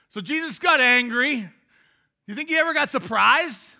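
A man's voice: very high voice, lively intonation, moderate pace, pushed and bright. A male pastor giving a chatty, interactive sermon in a church sanctuary, joking with the congregation and often restarting his sentences.

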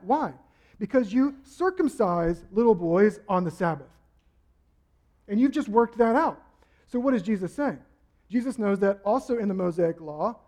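Male pastor, high voice, animated preaching delivery that acts out the people he quotes. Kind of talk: sermon.

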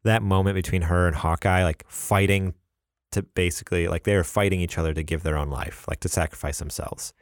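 A man co-hosting a casual podcast chat, talking animatedly and acting out scenes with quick quoted voices and laughs. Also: low-pitched, steady tone, no room sound, clean studio sound. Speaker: podcast co-host.

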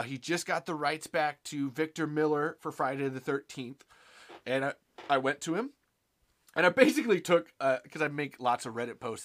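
Excitable, rambling man who swears freely. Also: medium pitch. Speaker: podcast host on a live stream. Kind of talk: casual live-stream chat.

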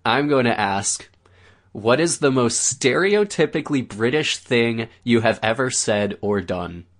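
A man's voice: medium pitch, lively intonation, a little slow. An American man co-hosting a casual podcast, easygoing, laughing often and leaning on fillers. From United States. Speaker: podcast co-host asking questions.

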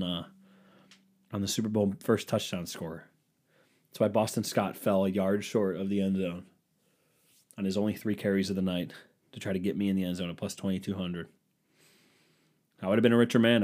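A man's voice: deep voice, fairly even intonation, a little fast, pauses often, darkish tone. A young man hosting a solo podcast, ranting in a sarcastic, self-mocking, rambling way. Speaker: podcast host. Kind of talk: solo comedic podcast rant.

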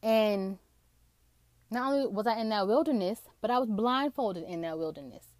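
A woman's voice: mid-range voice, moderate pace, no echo. A young woman telling a personal faith testimony in a casual, emotional way, often saying "like". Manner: emotional, excited, fills with "like".

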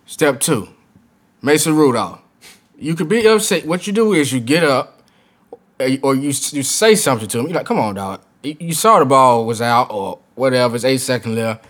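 A man's voice: medium pitch, lively intonation, normal speed, fairly bright tone. A man co-hosting a sports talk show, earnest, laying out his argument step by step. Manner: earnest, lays points out step by step. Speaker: podcast co-host. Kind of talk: sports commentary chat.

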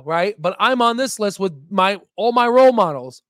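Male investing host with a higher-than-usual pitch, dry sound; emphatic, rambling, self-promoting commentary. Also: expressive, normal speed, hardly any pauses, a bit bright, no echo. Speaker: stock market video host. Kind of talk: casual screen-share commentary.

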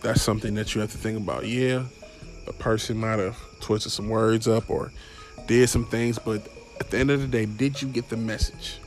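A man's voice: fairly low pitch, steady tone, normal speed, soft background music. A young man hosting a casual solo podcast, rambling and stumbling over his words with frequent swearing. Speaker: podcast host.

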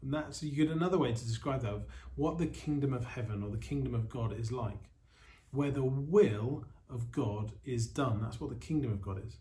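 An earnest male pastor delivering a sermon at a mid pitch. His voice sits a little mellow and warm, and he speaks with steady, reflective pauses. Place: online church service.

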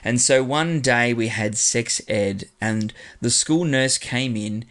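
A man's voice: mid-range voice, slow pace. A man hosting a teaching podcast, chatting casually, reading out stories and laughing often. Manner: laughs often, lively storytelling.

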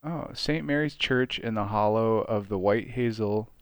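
A man's voice: on the low side, moderate pace, clean tone, dry recording, clean studio sound. A man co-hosting a casual podcast, curious and full of questions, laughing along. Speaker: podcast co-host.

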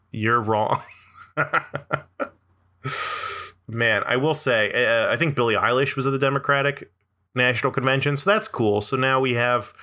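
A man's voice: mid-range voice, sharp tone. A man giving a rambling, profane comedic monologue, peppered with "like" and "uh" and frequent laughs.

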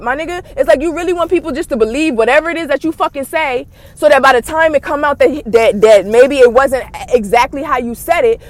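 A woman podcast host, ranting bluntly and profanely in animated commentary. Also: sits high.

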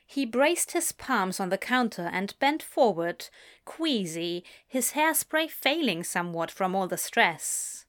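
Slow, lively woman storyteller. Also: medium pitch. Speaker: reader. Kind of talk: audiobook story narration.

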